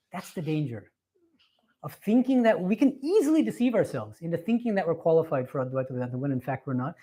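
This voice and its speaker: High-pitched, sing-song, fast, and warm, this man's voice belongs to a visiting swami in his forties. Addressing a live audience in a meditation hall, the monk gives a spiritual lecture full of earnest, emphatic stories and laughter.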